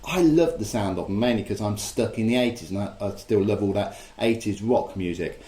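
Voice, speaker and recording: Casting brief: male host, mellow tone, hesitant and chatty, echoey room. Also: lowish voice, a little fast. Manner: rambling, hesitant with fillers. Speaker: presenter demonstrating guitar gear. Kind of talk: casual spoken demonstration.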